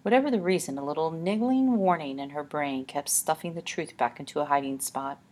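A woman narrates an audiobook in a calm, measured storytelling manner. Her voice is on the lower side and slightly husky.

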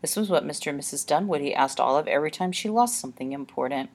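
A woman narrating an audiobook in a calm, even storytelling manner. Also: low voice, quick pace, husky.

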